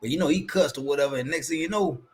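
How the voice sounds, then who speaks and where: A man with a fairly high voice trades stories in a casual sports chat. He tells them with animated energy and keeps dropping "boy" at the end of his lines. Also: rapid-fire, husky. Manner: animated storyteller, says "boy" a lot.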